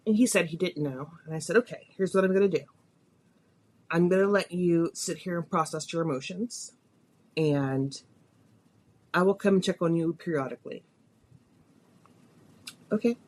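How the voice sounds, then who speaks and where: A woman's voice: on the low side, normal speed, pauses often, darkish tone. Emotional woman telling a personal story. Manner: emotional, confessional, voice rising and dropping with feeling. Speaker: podcast host.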